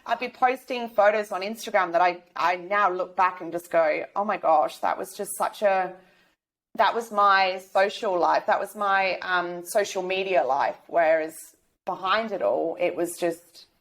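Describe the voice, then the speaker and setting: A woman's voice: lowish voice, measured pace, a bit bright. A woman, talking openly as a podcast guest, rambling with many restarts and fillers. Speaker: guest sharing lived experience. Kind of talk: candid podcast interview.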